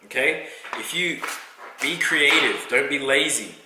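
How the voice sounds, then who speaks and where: A man's voice: fairly high pitch, a little slow. Slangy young man vlogging from his kitchen. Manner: slangy, rambling, talks to camera while cooking. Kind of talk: casual cooking vlog. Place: home kitchen. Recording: echoey kitchen with clear background noise.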